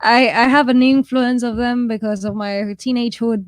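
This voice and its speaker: A woman's voice: fairly high pitch, little pitch movement, normal speed, no echo. Chatty woman hosting a live stream. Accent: mixed, shifting accent. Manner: chatty and self-deprecating, laughs often. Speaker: livestream host of a writing write-in. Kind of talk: casual live-stream chat, reading viewer comments aloud.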